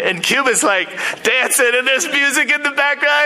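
Bright, high-voiced male preacher. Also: normal speed, few pauses, rough recording. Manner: animated, acts out quotes and movie scenes. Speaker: pastor. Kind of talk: sermon.

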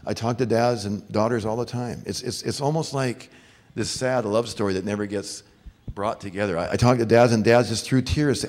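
A man's voice: lowish voice, fairly even intonation, brisk, darkish tone. A middle-aged man preaching a sermon to fathers, earnest and storytelling. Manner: earnest, storytelling with acted-out voices. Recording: long hall reverb.

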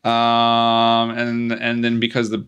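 A man's voice: medium pitch, monotone, slow pace, a bit bright, clear, resonant tone. A man casually recapping a movie plot on a podcast, rambling with restarts and laughing at his own jokes. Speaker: podcast host.

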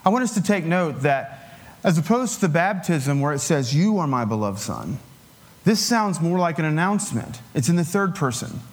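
A man preaching a sermon in a relaxed, conversational way, with filler words and light chuckles. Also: a little high, moderate pace.

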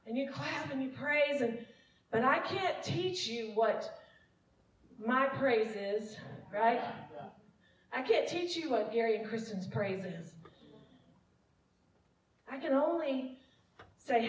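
Expressive and high-voiced, speaking at normal speed, a worship leader delivers a light, self-mocking testimony sermon to her church, laughing often. A distant mic captures her in the echoey sanctuary.

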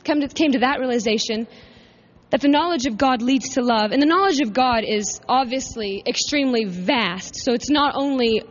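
A high-pitched woman delivers a sermon as a personal testimony, acting out her past pleas with lively swings in her voice and laughing often. The recording is dull and lo-fi. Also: moderate pace. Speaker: preacher. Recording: dull lo-fi sound.

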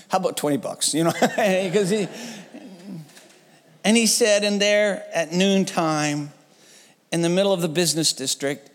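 A man preaching a sermon as pastor, telling a story with lively swings in pitch and frequent restarts. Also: long reverb tail. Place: church sanctuary.

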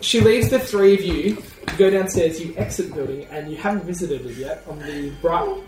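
A man's voice: on the high side, a little fast, noisy background. A man narrating a tabletop game as game master, describing scenes in detail and laughing often. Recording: echoey room, far from mic.

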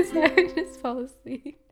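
Giggly young woman, lots of fillers. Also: sits high. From Idaho, US. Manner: chatty, filler-heavy, giggly. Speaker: interviewee. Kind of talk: casual storytelling.

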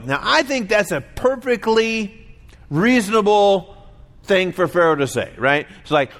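A man's voice: sits high, sing-song, unhurried. A middle-aged man preaching a weekly sermon in a conversational way, acting out the voices of people in his stories. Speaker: pastor.

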